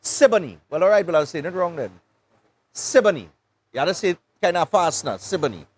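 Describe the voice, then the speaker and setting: Trinidadian guy hosting a morning show, high-ish voice, rambly easygoing island talk. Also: expressive, fast. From Trinidad and Tobago. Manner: rambling storytelling in Caribbean dialect. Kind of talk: casual live-show chat. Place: beach club.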